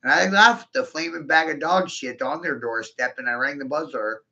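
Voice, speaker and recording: A man's voice: on the high side, normal speed, sharp tone, dull audio. A man in a rambling monologue, boastful and taunting, swearing crudely and laughing often.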